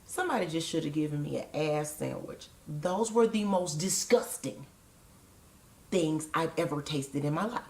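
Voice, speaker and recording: A woman's voice: deep voice, expressive, normal speed, darkish tone, echoey room. A woman vlogging in a casual, chatty way, frank and digressive, with joking asides. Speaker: vlogger sharing weight-loss surgery experience.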